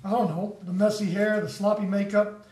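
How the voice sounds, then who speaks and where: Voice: medium pitch, level tone, moderate pace, a little mellow, distant mic, lightly acted. Someone playing a brash streetwise tough guy. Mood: cocky. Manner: streetwise, crude, slangy. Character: brash Sicilian tough-guy man, crude and cocky. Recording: echoey room, from the mic.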